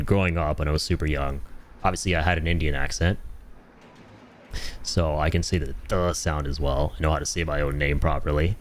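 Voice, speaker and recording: A man's voice: deep voice, slight background noise. A young man with a North American accent, telling stories in a casual chat while streaming a game, laughing often and trailing off with fillers. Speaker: livestreamer.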